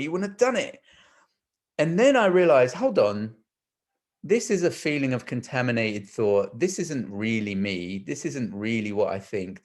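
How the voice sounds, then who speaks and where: A man with a voice of ordinary, mid-range pitch, answering as a guest in a Q&A session. He talks earnestly and reflectively, working through ideas aloud with plenty of doubled words and fresh starts. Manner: earnest, thinks aloud with frequent repeated words and restarts. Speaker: guest speaker in a Q&A. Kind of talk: reflective explanatory talk.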